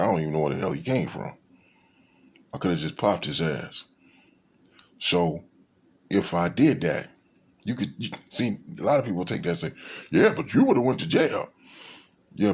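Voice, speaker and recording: A man's voice: low-pitched, creaky, husky. A man talking in a rambling, profane monologue, with many fillers and restarts. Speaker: commentator.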